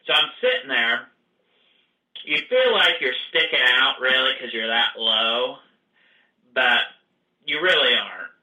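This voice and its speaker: A man casually recounting his own hunt in a plain, steady way. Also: medium pitch, a little slow, pauses often, reverberant, distant mic, poor audio. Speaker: guest hunter. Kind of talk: casual storytelling.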